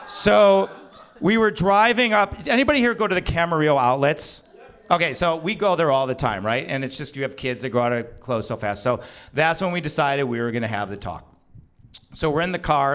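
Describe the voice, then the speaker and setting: A middle-aged man telling a self-deprecating comic story on stage at a small live venue. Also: a little high. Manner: animated, self-deprecating, voices others in quick bursts.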